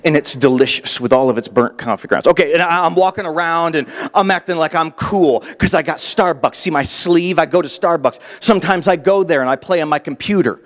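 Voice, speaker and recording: A pastor in his thirties recounts a story in his sermon with animated, self-mocking energy, speaking a little fast with few pauses. His voice sits a little high for a man, and the long reverb of a large church hall surrounds it.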